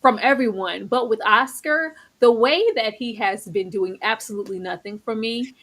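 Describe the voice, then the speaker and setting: A woman's voice: on the high side, moderate pace, a bit bright, poor audio. A woman co-hosting a live stream that recaps a TV drama. She talks expressively and acts out her own reactions as quoted asides. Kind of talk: casual live-stream chat.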